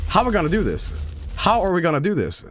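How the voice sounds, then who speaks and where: A man streaming a video game, talking excitedly, swearing and repeating commands over and over. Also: high-pitched, fast talker, over music. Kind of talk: live gameplay streaming.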